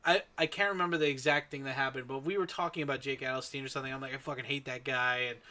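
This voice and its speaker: A man talking as a podcast guest, telling profane, animated stories in casual chat. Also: mid-range voice, rapid-fire.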